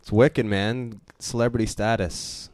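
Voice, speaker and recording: A man's voice: on the low side, steady tone, a little slow, a little mellow, no room sound. A young man co-hosting a casual podcast, laid-back, agreeing and chiming in. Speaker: podcast co-host.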